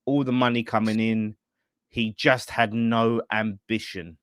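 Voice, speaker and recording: A man's voice: fairly low pitch, flat delivery, a little slow, a bit bright, clear, resonant tone, no echo, studio quality. A man hosting a fan channel, chatting casually about football and reading out viewer messages. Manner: chatty, laughing, banter with co-host. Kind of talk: casual chat.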